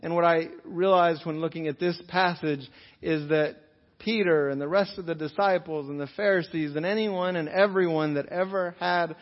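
A man preaching a sermon as pastor, earnestly, slowing down to stress key phrases. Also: on the high side. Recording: dull lo-fi sound in a reverberant hall.

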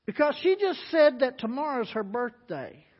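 A man voicing an earnest, gentle preacher who asks things quietly. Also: very high voice, sing-song, moderate pace, voice pushed up, heavily acted. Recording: dull sound with long hall reverb.

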